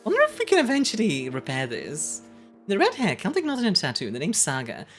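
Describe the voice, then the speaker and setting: A woman's voice: medium pitch, huge pitch swings, a little fast, faint music behind. A young woman streaming a game, chatting playfully with her viewers, laughing often and rambling off on asides. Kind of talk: casual live-stream game commentary.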